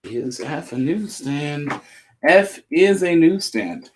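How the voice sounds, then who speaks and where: A man's voice: a little high, lively intonation, slow, darkish tone, slight background noise. A man with a Southern American accent, hosting a live sale and chatting casually, joking as he reads out items. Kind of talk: casual live sales chat.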